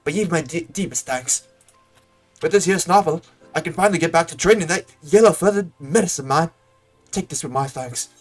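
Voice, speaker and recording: A man voicing a gruff, grumbling male stable hand who talks in rough folksy dialect. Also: a little high, a little fast, faint music behind, natural voice. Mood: grateful.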